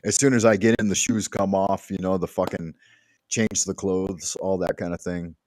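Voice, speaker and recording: A man with a fairly low voice hosts a relaxed livestream from his home. He rambles loosely and drops the odd curse. The sound is dry and close, with no room echo. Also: normal speed. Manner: loose and rambling, swears casually. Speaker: livestream host. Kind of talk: casual chat.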